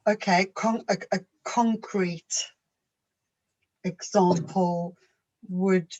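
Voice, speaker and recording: A woman talking slowly and thoughtfully as a coaching client, pausing often while she searches for words. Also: on the low side, steady tone, darkish tone, lo-fi sound. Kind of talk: reflective coaching conversation. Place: home.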